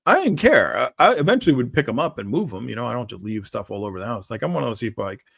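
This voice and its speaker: Gravelly man hosting a rambling morning talk. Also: mid-range voice, big pitch swings, very fast, a bit bright, no echo. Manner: rambling, repeats words, frequent "right?" and "like". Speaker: morning show host. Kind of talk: casual solo monologue.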